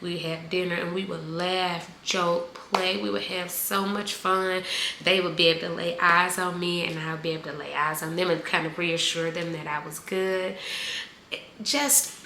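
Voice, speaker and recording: A woman in her forties telling a heartfelt personal story, halting with many fillers and close to tears at times. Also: on the low side, steady tone, vocal fry, pushed and bright. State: emotional, near tears. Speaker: vlogger. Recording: echoey room, faint background noise.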